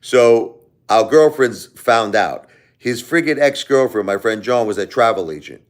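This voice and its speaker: A man's voice: mid-range voice, expressive, unhurried. A man hosting a live stream, telling a story in a casual, jokey, rambling way.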